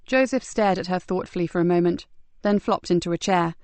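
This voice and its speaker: A woman narrating a crime novel audiobook in a steady, even reading manner. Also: fairly low pitch, moderate pace, hardly any pauses, dry recording. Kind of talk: scripted narration.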